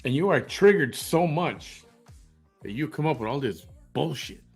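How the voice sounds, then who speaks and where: A man's voice: fairly high pitch, expressive, normal speed, husky, faint music behind. A man hosting an opinion commentary, reacting to clips in a blunt, confrontational way and firing rhetorical questions. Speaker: host.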